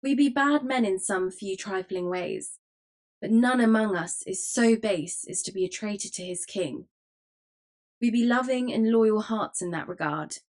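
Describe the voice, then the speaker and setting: A man's voice: sits high, measured pace. A woman voicing a burly, good-natured male rogue leader in an audiobook, speaking firmly and with command.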